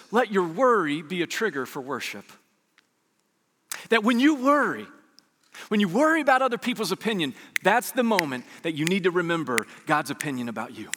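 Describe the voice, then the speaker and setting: A man preaching a sermon as a pastor, speaking conversationally with rhetorical questions and swinging from loud bursts to hushed lines. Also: high-pitched. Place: church sanctuary. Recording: long reverb of a large church hall.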